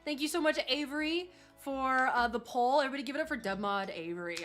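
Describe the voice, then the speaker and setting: A woman hosting a casual livestream from her desk at home, talking in a gushing, excitable, slangy way. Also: on the high side, a little fast, hardly any pauses, faint music behind. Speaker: livestream host.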